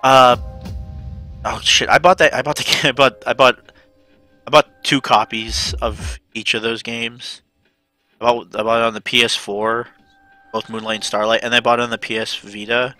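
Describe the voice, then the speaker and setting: A man streaming a game, ranting in loose profane bursts. His voice is bright and forceful, with faint game music behind. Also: mid-range voice, steady tone, moderate pace. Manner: profane ranting, swearing often. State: panicked. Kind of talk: casual game stream commentary.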